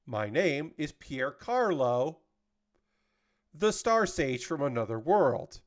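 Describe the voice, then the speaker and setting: Bird mage from another world, male, grand and self-important, slow pompous delivery, somewhat high voice, put on by a man retelling a story. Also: very animated. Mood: grandiose.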